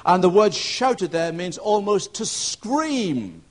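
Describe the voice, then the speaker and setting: A preacher delivers a sermon as a told story. He pitches his voice fairly high for a man, and he raises it further when he acts out the shouting in the scene. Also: big pitch swings, slow, hardly any pauses.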